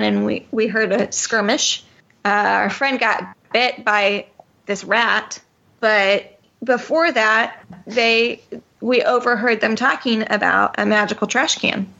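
A woman's voice: a little high, steady tone, measured pace, vocal fry, bright, forceful tone. A woman playing a tabletop game, joking and playful. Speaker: player. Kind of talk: casual tabletop role-play. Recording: dull lo-fi recording.

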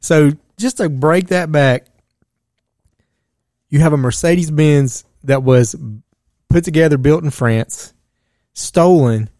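A man hosts a casual interview, reacting to his guest and asking follow-up questions. His voice sits a little high for a man. The sound is dry and close. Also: slow pace, long pauses, warm tone, dry recording. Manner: reacts with laughs, sums up the story, asks questions. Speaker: podcast host.

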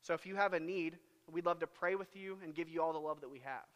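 A young man gives a sermon and an invitation from the pulpit, his voice sitting somewhat high for a man. He speaks earnestly and often repeats a word as he starts a phrase. The church hall gives his voice a long reverb. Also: fast talker, fairly bright tone. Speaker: preacher. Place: church sanctuary.

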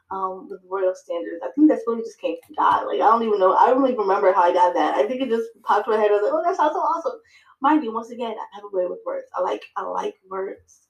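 A woman guesting on a podcast, telling her story in lively fashion, acting out her own dialogue, with many fillers and restarts. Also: medium pitch, roomy sound, highs cut off. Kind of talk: casual interview chat.

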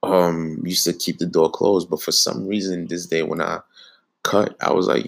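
A young man co-hosting a casual chat, teasing his co-host and telling his own story in relaxed slang. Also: sits low, normal speed, creaky.

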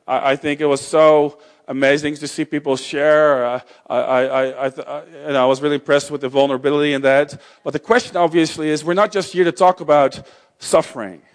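A middle-aged man speaking to an audience about faith, in a loose, conversational way. His voice sits a little high for a man. He often restarts his sentences and drops in small jokes. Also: steady tone, a little fast. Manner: conversational, self-interrupting, joking asides. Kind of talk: talk on faith and suffering.

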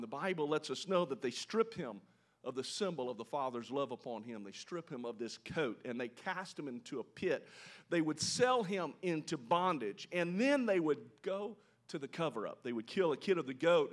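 Lively, expressive male preacher. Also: fairly high pitch, moderate pace. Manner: animated storytelling, voices quoted characters, asks the congregation questions. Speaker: pastor. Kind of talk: sermon.

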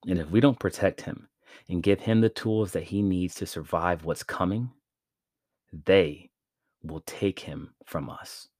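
A man's voice: deep voice, unhurried, a little mellow, no echo, studio quality. A man voicing a protective father who speaks firmly and urgently, in an audiobook-style reading. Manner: firm, urgent, reassuring.

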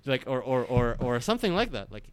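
A man's voice: medium pitch, a little fast, clear, resonant tone. A man chatting casually on a podcast, rambling with many fillers and frequent swearing. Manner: rambling, animated, swears often, lots of filler words. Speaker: podcast co-host.

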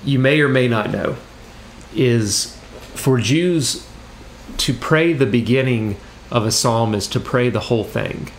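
Male pastor, mid-pitched, measured sermon reading with some halting restarts, faint room hum.

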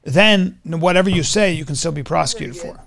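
A man's voice: fairly high pitch, fairly quick, gravelly. A man telling a story in a casual chat, acting out quoted dialogue with energy. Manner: animated retelling with quoted dialogue. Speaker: podcast guest.

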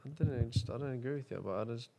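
A man's voice: medium pitch, fast, gravelly, mellow. A man in a heated casual argument, dismissive and repeating himself, often tacking on "bro". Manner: dismissive, keeps saying bro.

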